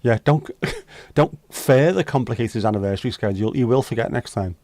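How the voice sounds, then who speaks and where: A man's voice: mid-range voice, fairly quick, warm tone, no room sound. Joking man hosting a livestream. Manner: chatty, joking, bantering with chat. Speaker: livestream host of a virtual pub. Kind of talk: casual chat reading viewer comments.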